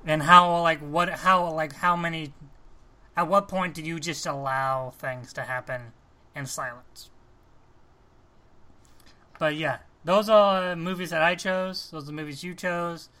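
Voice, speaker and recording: Bright-voiced man chatting about films. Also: on the high side, measured pace, pauses often. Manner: animated, restarts often, acts out quoted lines. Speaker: podcast co-host. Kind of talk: casual film discussion.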